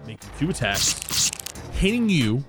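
A man's voice: mid-range voice, big pitch swings. Male game master, casual narration, music bed. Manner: descriptive, slow for effect, casual with fillers.

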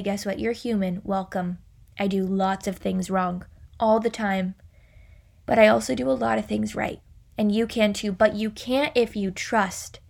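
Podcast host, young woman, somewhat high voice with a gravelly fry, chatty storyteller. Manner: chatty, animated storytelling with acted-out quotes. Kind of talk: faith and business podcast talk.

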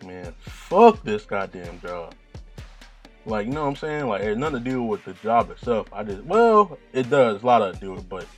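Deep-voiced man rambling casually. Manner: rambling, profane, laid-back, laughs at himself. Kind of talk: casual monologue.

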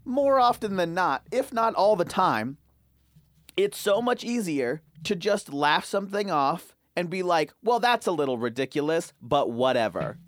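A man with a fairly high voice co-hosts a podcast in loose casual chat. He rants in exasperation and swears freely. The room sounds dry and close. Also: very animated, a little slow, dry recording. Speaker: podcast co-host.

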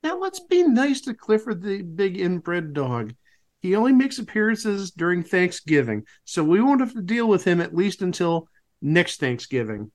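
Lively high-voiced wry man. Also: normal speed. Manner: wry, rambling asides with fillers. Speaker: podcast co-host. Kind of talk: casual comedic commentary.

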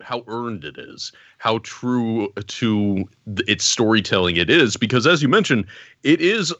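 A man co-hosting a podcast, giving a measured, articulate take on a film. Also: mid-range voice, animated, a bit bright, dry recording, muffled recording. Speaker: podcast co-host. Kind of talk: casual film discussion.

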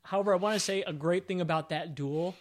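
A man hosting a casual film discussion, retelling movie scenes with animated energy. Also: high voice, fast. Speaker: podcast host.

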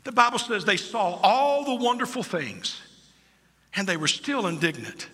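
A man's voice: high-pitched, sing-song, normal speed, fairly bright tone. A middle-aged male pastor preaching an impassioned sermon with rhetorical questions, recorded in a church sanctuary. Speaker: lead pastor. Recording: long reverb of a church hall.

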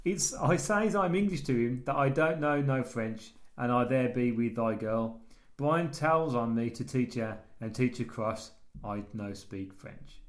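A man's voice: mid-range voice, close to an everyday voice. A man reading out a letter in the voice of a simple-minded, bumbling male writer who uses broken grammar. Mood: deadpan. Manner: slow, halting, broken grammar.

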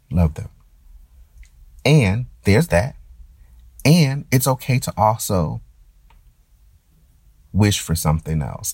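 A man's voice: a bass voice, vocal fry, a little mellow, breathy edge, dry recording. A man talking through his feelings in a reflective personal monologue, hesitant and often stammering as he restarts his thoughts. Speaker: performer.

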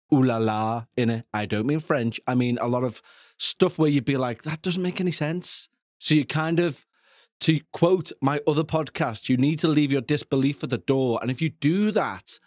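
A man's voice: mid-range voice, dry recording. Jokey man in his forties, dry mic. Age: 40s. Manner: jokey, digressive, self-deprecating. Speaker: podcast host. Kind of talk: casual rambling monologue.

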